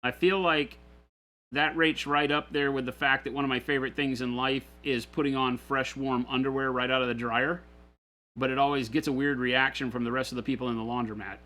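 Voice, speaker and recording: A man hosting a casual livestream chat while painting miniatures, animated and joking, slipping into playful impressions of friends. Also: medium pitch, fairly quick. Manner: animated storyteller, imitates friends in funny voices. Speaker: livestream host. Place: indoor hobby studio.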